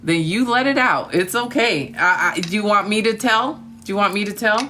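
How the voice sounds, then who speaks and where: Her voice is mid-range and sharp at a normal speed, with slight background noise, as this TikTok live streamer chats casually with viewers. She gushes, calls them honey and darling, and talks spiritually about gratitude and trust.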